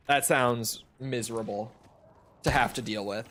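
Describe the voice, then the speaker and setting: A man's voice: mid-range voice, unhurried, a bit bright. A man giving casual gameplay commentary, chatty and rambling, often correcting himself mid-sentence. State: has the hiccups. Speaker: gaming streamer.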